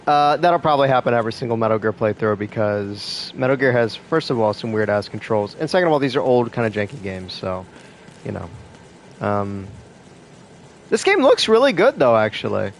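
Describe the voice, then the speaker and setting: A man's voice: lowish voice, big pitch swings, brisk, slight background noise. A young man casually commenting on a game he is playing, rambling with lots of fillers and swearing. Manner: rambling, profane, trailing fillers. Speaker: gamer.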